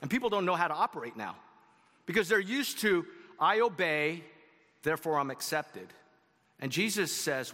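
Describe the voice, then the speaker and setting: A man's voice: on the high side, big pitch swings, normal speed, pauses often, bright, forceful tone, long reverb tail. A man preaching a sermon to his congregation in a conversational way, with asides to the audience. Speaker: pastor. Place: church sanctuary.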